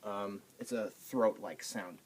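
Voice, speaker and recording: A man giving a casual pronunciation lesson, halting with many ums and restarts. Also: on the low side, breathy edge. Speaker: language tutor.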